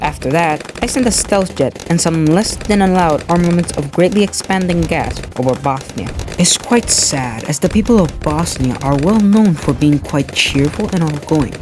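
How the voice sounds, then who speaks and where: A man giving a scripted, deadpan voice-over of his gameplay, full of absurd, edgy jokes. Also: fairly high pitch, normal speed, few pauses, very noisy. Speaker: gaming YouTuber. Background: music.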